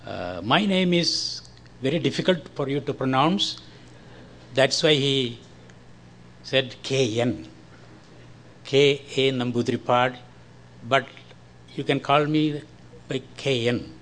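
An older man from India with a Malayalam-influenced Indian accent, giving a slow, careful church testimony. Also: mid-range voice, lively intonation, fairly bright tone, a little hiss or hum. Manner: slow, careful, friendly with short laughs. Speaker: guest speaker giving testimony.

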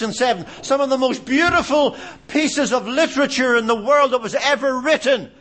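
A man's voice: very high voice, bright, forceful tone. A man from Canada preaching a sermon, impassioned, asking rhetorical questions and repeating phrases for emphasis.

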